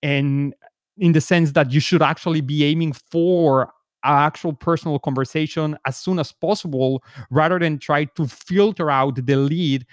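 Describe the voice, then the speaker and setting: A man with a fairly high voice hosts a podcast interview, building his points step by step. The recording is close-miked and dry. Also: steady tone, normal speed, no echo.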